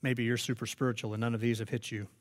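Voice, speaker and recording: A man's voice: mid-range voice, little pitch movement, fast talker. A man preaching a sermon, telling stories and rising to emphatic peaks. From United States. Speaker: pastor.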